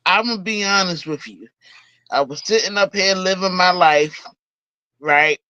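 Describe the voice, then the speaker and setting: Bright, high-voiced man on a live call. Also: unhurried, clean tone, dry recording, dull audio. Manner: emphatic, repeats himself, stammers. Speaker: guest joining a live stream. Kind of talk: casual live-stream chat.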